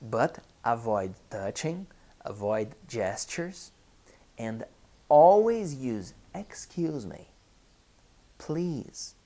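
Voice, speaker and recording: A Brazilian man, a native Portuguese speaker, teaching an online English lesson with a Brazilian Portuguese accent, speaking deliberately and repeating key phrases. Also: mid-range voice, lively intonation, warm tone.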